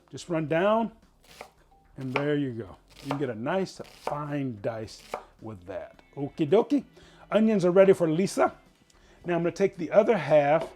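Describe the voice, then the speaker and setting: A man's voice: a little high, dark tone. Folksy man hosting a home cooking demo. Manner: chatty, folksy, explains step by step. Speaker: cooking show host. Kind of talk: casual home cooking demonstration. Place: home kitchen.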